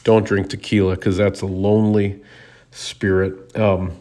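Man, host from Minnesota, casual monologue, rambling and joking, lowish voice, excitable. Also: unhurried. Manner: rambling, joking storyteller with hesitant restarts. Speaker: podcast host.

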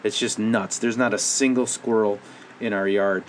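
A man's voice: fairly low pitch, steady tone, normal speed, a little hiss or hum. A middle-aged man from Minnesota, hosting a casual podcast monologue in a rambling, wry way. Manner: rambling, wry, restless pace. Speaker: podcast host.

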